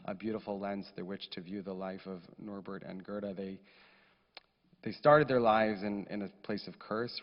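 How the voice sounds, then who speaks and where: A man leading a funeral service, speaking solemnly and reading verses in a measured, chanting way. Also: fairly low pitch. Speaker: rabbi officiating a funeral. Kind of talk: eulogy and scripture reading. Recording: echoey hall, dull lo-fi sound.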